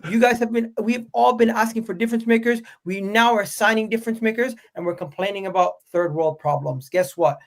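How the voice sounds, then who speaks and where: Insistent North American man, high voice. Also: a little fast, hardly any pauses. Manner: insistent, stammers and repeats himself when arguing. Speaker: football podcast host. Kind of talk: heated football debate.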